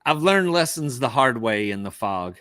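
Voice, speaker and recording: Man, fishing captain, mid-pitched voice, dry close sound, cautionary storyteller, remote call. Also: expressive, normal speed, a bit bright, no room sound. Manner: storytelling, plain cautionary advice. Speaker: fishing captain, podcast co-host. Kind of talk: casual remote podcast chat. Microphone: remote call over wifi.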